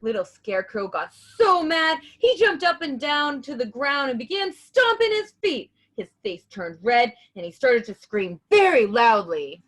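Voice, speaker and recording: A woman hosting and reading a children's picture book aloud in an enthusiastic, animated way. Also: high-pitched, measured pace, few pauses. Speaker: storybook reader and host.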